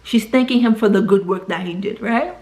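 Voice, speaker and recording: Woman, casual film recap, chatty, mid-pitched, tags lines with "right?". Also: darkish tone. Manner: chatty, retells scenes with quick quoted voices, frequent tag "right?". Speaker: vlogger reviewing films.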